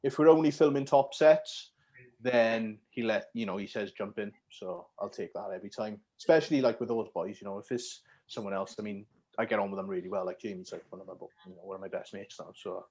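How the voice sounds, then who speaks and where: A man's voice: on the low side, a little fast. A young man with a Yorkshire accent talks casually on a podcast. He swears freely and lets the ends of his sentences drop away to a mumble. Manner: swears freely, trails off quietly at phrase ends. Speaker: podcast guest, gym videographer.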